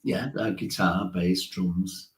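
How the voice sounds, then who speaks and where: A man's voice: low voice, fairly even intonation, takes it slowly. A man, a musician telling stories in a casual interview and chuckling often. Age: 60s. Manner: chatty storyteller, chuckles often. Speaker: musician guest. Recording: roomy echo.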